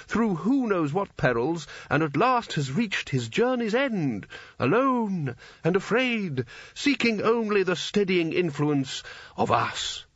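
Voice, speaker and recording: A man's voice: sits high, fairly bright tone, husky, no echo, muffled recording, pitched above the performer's own voice, exaggerated voice. A man reading aloud, voicing a pompous older male wizard who drags out grand, flowery speeches.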